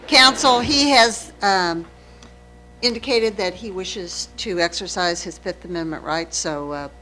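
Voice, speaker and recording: A woman playing a judge who rules from the bench in a hesitant, halting way. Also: fairly low pitch, sharp tone, soft background music, rough recording. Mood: formal. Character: adult female judge ruling from the bench. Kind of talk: improvised courtroom drama.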